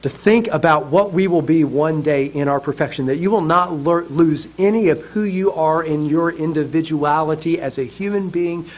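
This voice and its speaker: A man's voice: a little high, moderate pace, hardly any pauses. A man preaching a sermon as pastor, with impassioned, repetitive emphasis that builds in intensity. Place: church basement. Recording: muffled lo-fi sound.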